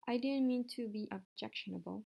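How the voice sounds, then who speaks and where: A woman's voice: fairly high pitch, a little fast, creaky, dull audio. A woman voicing an earnest, eager young male pig in a storybook reading. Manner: polite, pleading.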